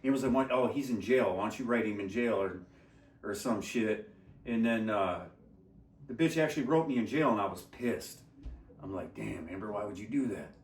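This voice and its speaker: A man telling a crude story in casual talk, swearing a lot, laughing and shouting out the lines he quotes. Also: lowish voice, moderate pace. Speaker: podcast guest telling a story. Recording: echoey room from far off the mic.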